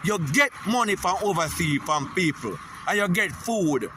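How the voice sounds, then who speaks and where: A man's voice: high-pitched, animated, moderate pace, sharp tone, slight background noise. A man with a Jamaican accent giving a heated, profane political rant, repeating "you hear?" often.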